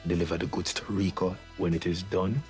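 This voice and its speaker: An actor playing a commanding gang boss giving curt orders in a film trailer. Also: male voice, deep voice, level tone, a little fast, lightly acted. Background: trailer music.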